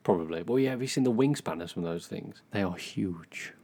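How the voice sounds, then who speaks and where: A man's voice: on the low side, lively intonation, fairly quick, warm tone, husky. A man in easygoing casual chat, musing aloud and often restarting his sentences.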